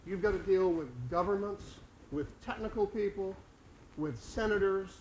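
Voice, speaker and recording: A man giving a conversational conference talk on leadership to a live audience, energetic and full of questions. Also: high-pitched, moderate pace, slight background noise. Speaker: speaker on leadership.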